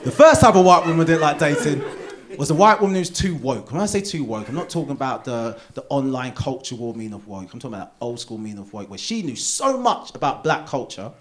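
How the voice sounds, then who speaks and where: Animated comedian on a theatre stage. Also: male voice, fast. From Essex, England. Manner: animated, jumps into high put-on voices for characters. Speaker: stand-up comedian. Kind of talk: live stand-up set. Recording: live theatre recording with audience noise.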